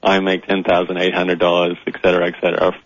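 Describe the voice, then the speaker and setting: A man's voice: deep voice, completely flat delivery, quick pace, highs cut off. A man from Australia with a Canadian accent, a guest talking easily in an interview and laughing readily. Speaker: guest, professional blogger. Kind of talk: casual interview.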